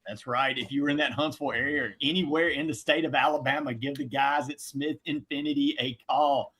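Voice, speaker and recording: A man, a sports analyst, doing a brisk and salesy live read for a show sponsor. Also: mid-range voice, fairly even intonation, fairly bright tone, breathy edge.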